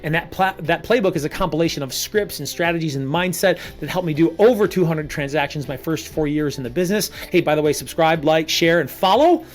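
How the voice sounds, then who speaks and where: A man coaching salespeople in an energetic video lesson. He talks standing up, projects energy on purpose and repeats short punchy phrases. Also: on the high side, a little fast, hardly any pauses. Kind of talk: energetic coaching monologue to camera.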